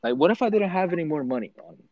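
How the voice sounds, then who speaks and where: A young man co-hosting a casual podcast, telling stories in a relaxed way with lots of "like". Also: fairly high pitch, very fast, no echo, muffled recording. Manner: relaxed storytelling with many "like" fillers. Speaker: podcast co-host. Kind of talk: casual chat.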